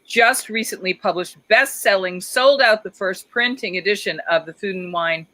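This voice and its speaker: Woman, talk show host, bright forceful voice, theatrical, enthusiastic. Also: medium pitch, moderate pace, poor audio. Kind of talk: playful live talk show chat.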